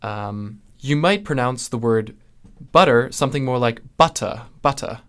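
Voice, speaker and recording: A young man with a General American accent, explaining speech sounds in a measured, teaching way, with fillers and restarts. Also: medium pitch, animated, fairly bright tone, clean tone. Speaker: linguistics video host. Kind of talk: explanatory lesson.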